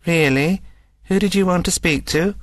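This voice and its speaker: A man voicing a bored young female secretary who speaks in a monotonous, unconcerned way. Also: high-pitched, moderate pace, voice pushed up, lightly acted.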